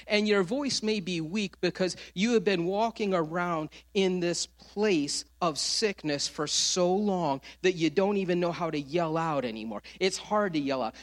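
High-voiced man preaching a sermon. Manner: earnest preaching, quoting scripture with dramatic pauses. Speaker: pastor.

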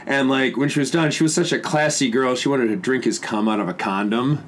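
A young adult man co-hosting a podcast, telling crude stories in a casual, profane, animated way. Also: medium pitch, fairly quick, slight background noise. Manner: animated, profane, acts out voices loudly. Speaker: podcast co-host.

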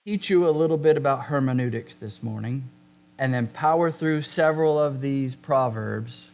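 A man preaching a sermon, speaking conversationally with joking asides and slowing down to stress key words. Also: medium pitch, a little mellow. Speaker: pastor.

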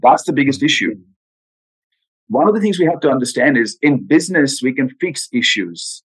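A man's voice: medium pitch, big pitch swings, moderate pace, slightly rough, poor audio. A man talking in an interview about retirement planning, earnest and emphatic, with frequent rhetorical questions. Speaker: guest financial adviser. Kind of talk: podcast interview.

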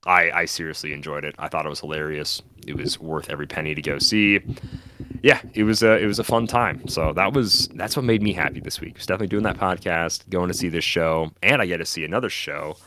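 A man's voice: low-pitched, quick pace, pushed and bright, slight background noise. A man co-hosting a podcast, chatting casually and telling rambling stories with acted-out quotes. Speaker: podcast co-host. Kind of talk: casual chat.

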